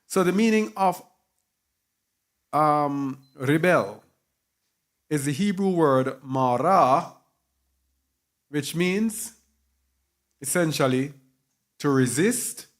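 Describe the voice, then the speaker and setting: A man's voice: a little high, extremely slow, long pauses. A man teaching a sermon with emphasis, repeating key words and spelling some out letter by letter. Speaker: Bible teacher.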